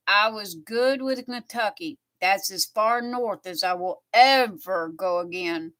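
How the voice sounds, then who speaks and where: A Southern U.S. woman livestreams from home, chatting away as she crafts. Her mid-range voice is a little bright, and she wanders through long, drawn-out stories.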